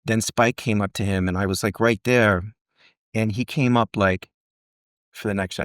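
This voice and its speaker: Recorded clean in a studio with no echo, this fairly low-pitched man speaks at a normal speed. He's a middle-aged actor appearing as a guest in a relaxed interview, vividly telling career anecdotes and acting out everyone he quotes.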